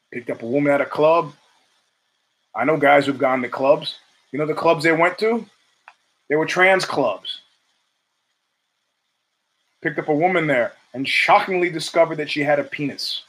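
Poor audio captures a podcast host whose voice is a bit bright and husky. Speaking casually on his own show, he rambles with digressions, restarts, and profanity, and he acts out quotes with a raised pitch.

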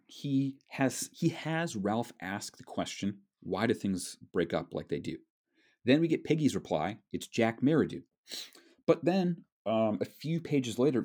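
A man lecturing on a novel in a measured, explanatory way, with frequent fillers. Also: on the low side, mellow, husky. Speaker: literature lecturer. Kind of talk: recorded lecture.

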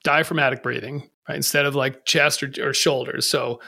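A man's voice: medium pitch, fairly even intonation, normal speed, gravelly, sharp tone. A man hosting a podcast interview, casual and affirming. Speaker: podcast host.

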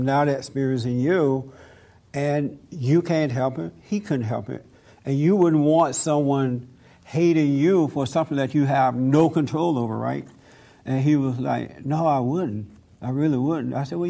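A man recounts a faith story in an easygoing, conversational way. His voice is gravelly and dark in tone. He slips into the other person's lines as he retells the exchange. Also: mid-range voice. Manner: relaxed storytelling, acts out both sides of a dialogue. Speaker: Christian speaker telling a testimony. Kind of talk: spoken testimony, storytelling.

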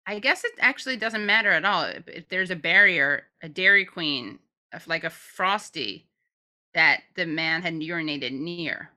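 A woman's voice: fairly low pitch, lively intonation, moderate pace, pushed and bright. A woman co-hosting a casual commentary chat, blunt and profane, joking as she reacts. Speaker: co-host.

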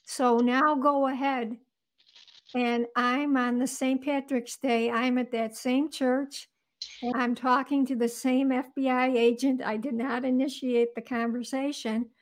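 A woman's voice: high voice, little pitch movement, measured pace. A woman being interviewed as an author, earnestly recounting events in vivid detail. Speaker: guest author. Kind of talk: interview storytelling.

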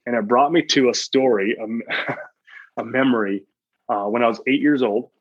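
A man in a podcast interview, telling a personal story earnestly and often restarting mid-sentence. His voice sits at an ordinary pitch. The recording is a little muffled and very dry. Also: moderate pace, breathy edge, no echo. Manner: earnest storytelling, quoting his own thoughts, frequent restarts. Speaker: guest, sports chaplain.

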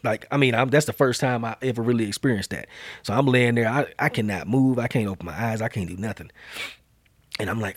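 Animated slangy male storyteller. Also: mid-range voice, quick pace, breathy edge, dry recording, studio quality. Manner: animated, slangy storyteller who acts out quotes. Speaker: podcast host. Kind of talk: casual storytelling chat.

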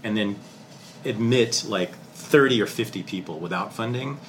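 A middle-aged man, a historian, telling his life story in a casual interview, candid and animated, swearing casually. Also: fairly low pitch, normal speed, slight background noise.

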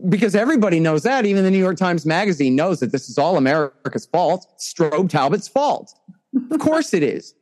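A man giving conversational political commentary as an interview guest, emphatic and restarting often, his pitch climbing sharply when he gets indignant. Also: sing-song, fairly quick, a little mellow.

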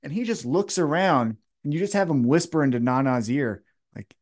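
A man with a slightly raised pitch talks through wrestling storylines in casual podcast chat. He swears freely and slips into the wrestlers' voices to act out their lines. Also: a little fast. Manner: animated, profane, acts out wrestlers' lines. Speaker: podcast co-host.

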